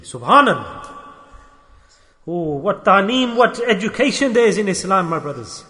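A man's voice: very high-pitched, animated, normal speed, bright, forceful tone. A man preaching an impassioned sermon, repeating phrases and acting out the voices in his stories. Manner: impassioned, repetitive, acts out quoted voices. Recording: long hall reverb.

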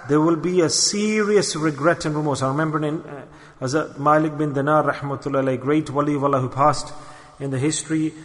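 A man's voice: mid-range voice, bright, forceful tone. A man preaching a sermon, telling a story and restating phrases for emphasis. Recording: long hall reverb.

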